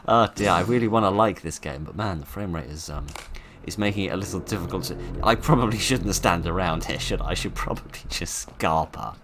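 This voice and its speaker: A man's voice: sits low, brisk, hardly any pauses, noisy background. A man giving playful, wry let's play commentary with rambling asides as he plays a horror game. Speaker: gaming video host.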